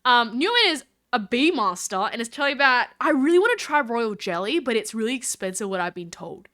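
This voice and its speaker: A woman's voice: fairly high pitch, big pitch swings, a little fast, pushed and bright. A woman chatting casually on a live stream, reading chat aloud and thanking viewers in a bubbly, scattered way.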